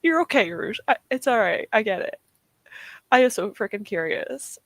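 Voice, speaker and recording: Answering her chat on a casual livestream, a host talks in a chatty, self-deprecating manner, close to crying and struggling with a sore throat. She has a slightly high, expressive voice and a moderate pace, with no room sound.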